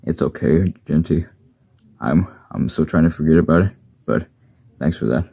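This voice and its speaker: Bert, a man voicing a deep, husky little engine. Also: moderate pace, no room sound, heavily acted. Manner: soft-spoken, troubled, earnest. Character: small blue miniature male engine, gentle. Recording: dull lo-fi recording.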